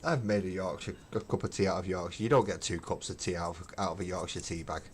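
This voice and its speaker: A middle-aged man hosting a hobby painting stream talks fast in a low-pitched voice, chatting casually as he paints. He rants emphatically, full of opinions and swearing, with slight background noise.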